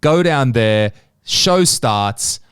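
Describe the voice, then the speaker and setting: Podcast host: Australian man, smooth, resonant voice, swears freely, dry close sound. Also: medium pitch, very slow, no room sound. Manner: animated, profane storyteller. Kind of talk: casual chat.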